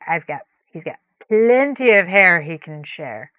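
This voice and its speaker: A woman's voice: on the low side, very animated, a little slow, no echo. A woman co-hosting a podcast in casual chat, rambling in a laid-back way with frequent chuckles. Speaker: podcast co-host. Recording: dull lo-fi dry sound.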